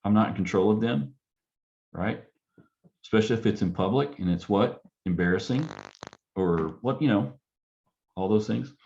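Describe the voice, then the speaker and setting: A man with a low voice speaks as a counselor, loose and conversational. He slips into a gentle, curious tone to act out what he would say to parents. The sound is dull and lo-fi. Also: normal speed, pauses often. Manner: acts out client and parent dialogue in a softer, curious tone. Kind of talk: casual panel talk.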